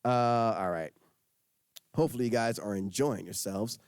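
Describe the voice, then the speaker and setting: A man in his thirties performing spoken-word poetry, telling stories in an animated, self-interrupting way and often laughing. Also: lowish voice, normal speed, smooth, no room sound, clean studio sound. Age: 30s. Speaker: poet performing at a school writers' week.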